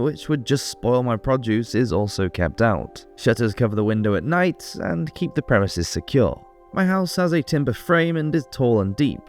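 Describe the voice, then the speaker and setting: A man reading aloud in his own voice as a prosperous medieval Parisian master baker, calmly telling of his trade with pride. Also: medium pitch. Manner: calm first-person storytelling, proud of his trade.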